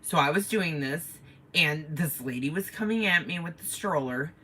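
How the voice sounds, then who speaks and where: A woman with a rather low voice and a bright, forceful tone, spinning a story during a casual live chat. She tells it in an animated way and swears freely. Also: moderate pace, slight background noise. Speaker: co-host of a live chat stream.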